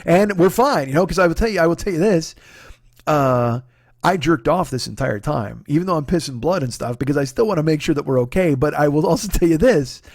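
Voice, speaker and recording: A man in his forties tells a long story on his solo comedy podcast, swearing freely and restarting his sentences often. His voice sits a little high for a man and carries a gravelly fry. The sound is dry and close, with no room around it. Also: expressive, a little fast, dry recording. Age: 40s. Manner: profane, rambling, candid and confessional; frequent restarts and apologies while telling a story.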